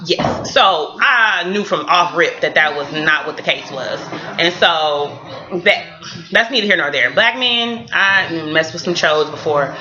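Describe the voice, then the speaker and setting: A woman's voice: medium pitch, highs cut off. A young woman from San Diego giving a blunt, profane recap of a TV episode in a casual home video. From San Diego, California. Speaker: recap vlogger.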